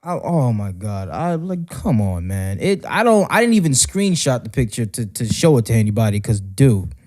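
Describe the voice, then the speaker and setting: A man's voice: mid-range voice, big pitch swings, normal speed, darkish tone, no echo, clean studio sound. A man co-hosting a podcast in casual chat, talking expressively and swearing freely. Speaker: podcast co-host.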